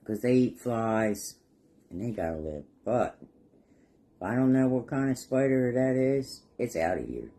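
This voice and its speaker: This craft vlogger, a middle-aged man, has a dark, mid-range voice and an unhurried but very animated delivery. He chuckles through rambling, folksy tales as he paints a project for his vlog.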